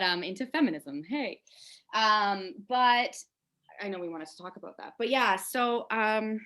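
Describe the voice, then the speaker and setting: A woman's voice: on the low side, bright, forceful tone. A woman as a podcast guest, talking candidly and with animation in casual conversation, swearing now and then.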